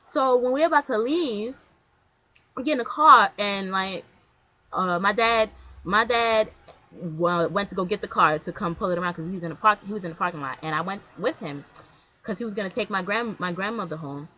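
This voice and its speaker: Bright-voiced young woman ranting to camera. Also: medium pitch, moderate pace, poor audio. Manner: animated, blunt and slangy, rambling with restarts. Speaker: vlogger. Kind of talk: casual chat to camera.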